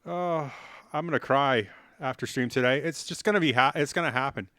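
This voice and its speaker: A man's voice: mid-range voice, moderate pace, bright, forceful tone, no echo, clean studio sound. A man chatting on a live stream while playing chess, rambling and self-mocking and cracking silly jokes. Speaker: livestreamer.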